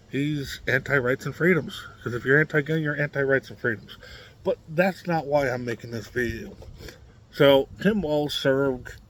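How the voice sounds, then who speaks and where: Brief: man, mid pitch, from Nebraska, combative political vlog rant, halting with fillers. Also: a bit bright, a little hiss or hum. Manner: blunt and combative, many fillers and restarts. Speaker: political commentary vlogger. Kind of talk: casual opinion monologue to camera.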